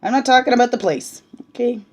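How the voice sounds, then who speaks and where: A woman giving a casual spiritual talk while reading oracle cards, bubbly and chatty, often tagging on "right?" and slipping into soft, hushed asides. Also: on the high side, quick pace, a little hiss or hum. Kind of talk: casual spiritual teaching monologue.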